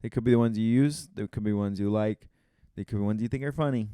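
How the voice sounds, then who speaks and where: Smooth-voiced laid-back man. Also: fairly low pitch, fast, warm tone, no room sound. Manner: laid-back, teasing, swears casually. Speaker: podcast co-host. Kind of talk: casual comedic chat.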